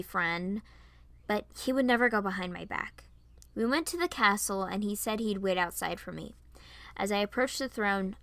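A young woman narrating a fan-made story in the first person, with a soft, unhurried delivery. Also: medium pitch, no room sound.

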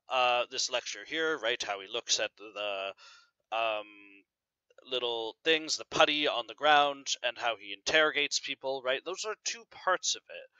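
A man's voice: medium pitch, bright, forceful tone, smooth, no echo. A man teacher explaining a story to students in a conversational way, often asking "right?" and using fillers. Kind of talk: recorded lesson on a novel reading. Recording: dry, slightly dull lo-fi recording.

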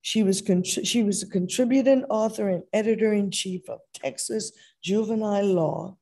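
A woman's voice: mid-range voice, moderate pace, warm tone. A woman moderating a conference session, reading a formal introduction of the next speaker.

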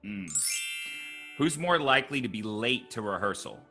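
A man's voice: mid-range voice, animated, normal speed, sharp tone, faint music behind. A man hosting a casual web show, upbeat and chatty with loose fillers. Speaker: show host.

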